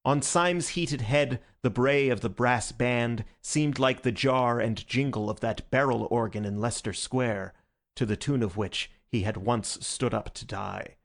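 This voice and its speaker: Gravelly male audiobook narrator. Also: medium pitch, a little slow. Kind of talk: scripted narration.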